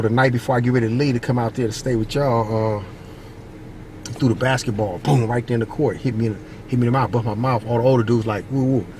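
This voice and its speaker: Middle-aged dude from long beach telling stories from back in the day, animated, says "you know what I mean" a lot, faint traffic noise outside. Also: male voice. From Long Beach, California. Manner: animated storyteller, acts out quotes in a high voice, repeats "you know what I mean". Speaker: vlogger. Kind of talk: casual storytelling. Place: outdoors by a basketball court, moving in traffic.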